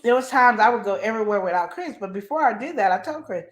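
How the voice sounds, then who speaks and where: A woman's voice: mid-range voice, lively intonation, fast, few pauses. A woman hosting a relationship advice show, talking emphatically and acting out the voices of the people she quotes. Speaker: host. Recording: echoey room.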